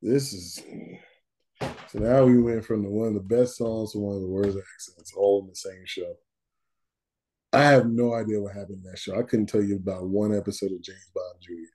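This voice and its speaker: A man co-hosting a podcast in casual chat, animated and slangy, laughing often. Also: fairly low pitch, moderate pace. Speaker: podcast co-host.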